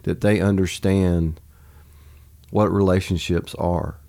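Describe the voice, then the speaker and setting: Deep gravelly-voiced man, earnest. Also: little pitch movement, takes it slowly, mellow. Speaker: pastor. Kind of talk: casual conversation.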